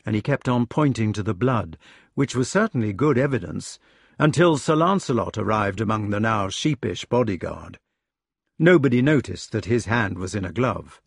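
Male narrator for an audiobook, lively and expressive, dry booth sound. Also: on the low side, normal speed, creaky, husky, no room sound. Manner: expressive storytelling. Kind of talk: scripted narration.

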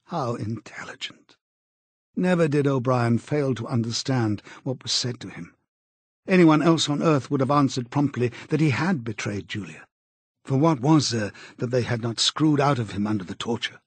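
A man narrating an audiobook in a grave, even storytelling manner. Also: medium pitch, normal speed, breathy edge, no room sound.

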